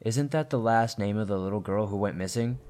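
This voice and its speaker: Man voicing a sharp-tongued young woman. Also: on the low side, fairly quick, natural voice. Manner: snapping.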